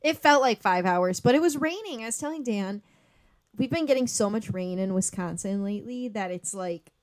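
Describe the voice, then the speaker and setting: A woman's voice: medium pitch, lively intonation, normal speed, no echo, studio quality. A woman co-hosting a movie podcast, chatting casually and swearing freely. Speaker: podcast co-host. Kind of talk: casual chat.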